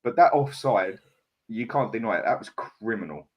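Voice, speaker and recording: A man's voice: on the low side, animated, moderate pace. A man, a panelist on a fan podcast, talking bluntly and laughing often. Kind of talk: casual chat.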